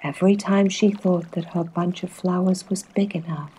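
A woman narrating a bedtime fairytale, soft and hushed, often dropping to a half-whisper. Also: on the low side, steady tone, moderate pace, husky. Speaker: storyteller.

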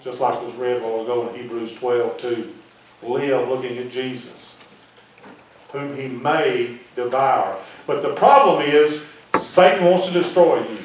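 A man preaching a folksy sermon as pastor, dropping his voice low to press a point. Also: normal speed. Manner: folksy preaching, drops to near-whisper for emphasis. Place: church hall. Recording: very echoey room from far off, faint noise.

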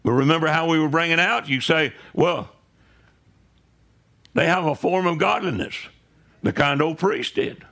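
Speaking at a moderate pace with long pauses, a male pastor uses a voice that is a bit bright and on the high side. His sermon in the church sanctuary is conversational, full of "right?" asides as he checks in with his listeners.

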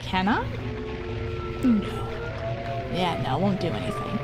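A woman's voice: fairly low pitch, big pitch swings, slow pace, loud music behind the voice. A woman streamer casually chatting through a horror game, talking to her viewers and swearing freely. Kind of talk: casual live gameplay commentary with swearing.

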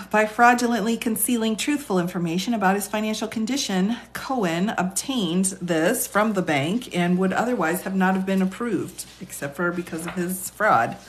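A woman with a raspy voice and a Texas accent, an attorney on a live stream who reads legal text aloud and chats with viewers between passages, laughing often. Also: mid-range voice, normal speed. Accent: Texan. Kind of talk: casual live-stream reading and commentary.

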